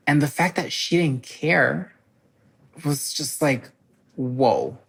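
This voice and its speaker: A woman guest telling personal stories in casual podcast chat, animated and full of "like" fillers. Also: a bass voice. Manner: animated, fast storytelling with many "like" fillers.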